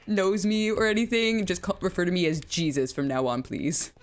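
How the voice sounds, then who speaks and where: A woman's voice: fairly low pitch, animated, moderate pace, a little hiss or hum. A woman guest on a podcast who jokes playfully at her own expense and laughs often. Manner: playful, self-mocking, frequent laughter. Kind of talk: casual podcast chat.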